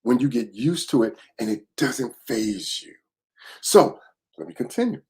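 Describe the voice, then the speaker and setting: A man's voice: mid-range voice, animated, measured pace, darkish tone, breathy edge. A man giving a motivational talk, telling a personal story in an emphatic way and repeating his key points. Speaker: motivational speaker.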